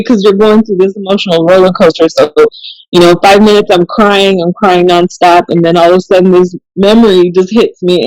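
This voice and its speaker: A police officer tells stories in a casual podcast conversation, her medium-pitched voice chatty and animated, often breaking into laughter. The recording is rough, with no room sound.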